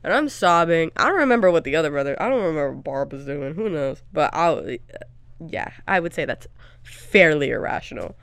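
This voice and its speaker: Low, gravelly-voiced young woman podcaster. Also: lively intonation, fairly quick, fairly bright tone, dry recording. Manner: rambling storyteller, laughs often. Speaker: podcast co-host. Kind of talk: casual chat.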